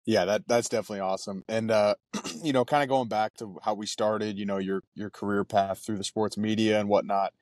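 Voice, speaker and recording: Male podcast host, low and relaxed, halting interviewer with dry close sound. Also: no room sound. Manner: casual, halting, many fillers. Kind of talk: interview questions.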